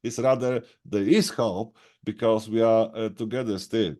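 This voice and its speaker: Halting man interviewing. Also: fairly low pitch, steady tone, warm tone. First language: Polish. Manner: halting, many fillers and restarts, laughs often. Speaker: radio interviewer. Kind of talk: casual interview chat.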